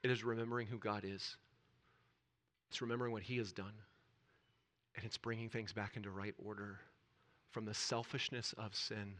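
A man's voice: lowish voice, pushed and bright. A man preaching a sermon as pastor, building intensity and repeating phrases.

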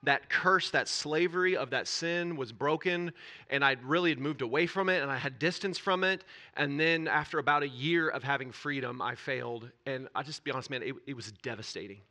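A man shares a raw personal testimony before a church group. His voice is bright and forward, with hesitant restarts, sinking to near-whispers on the painful parts and lifting with energy when he is stirred. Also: medium pitch. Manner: earnest, halting confession that drops to near-whispers and swells when stirred. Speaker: church speaker.

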